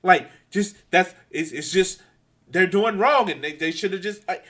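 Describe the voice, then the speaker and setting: A man ranting angrily to his viewers, swearing a lot, stumbling over restarts and swinging between quiet and loud. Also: high voice, expressive. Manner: profane, halting, many restarts. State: angry and frustrated. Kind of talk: angry unscripted rant.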